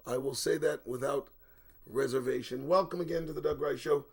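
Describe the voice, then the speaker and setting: A middle-aged man hosting a live-streamed news commentary show, talking bluntly and profanely, his voice a little strained, swinging between low quiet stretches and sudden loud bursts. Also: a little fast, husky. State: voice recovering from strain.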